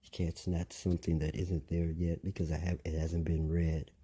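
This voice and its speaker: A man's voice: low voice, level tone, normal speed, dark tone, husky. A man delivering a rambling monologue, lecturing listeners, repeating phrases and asking them pointed questions.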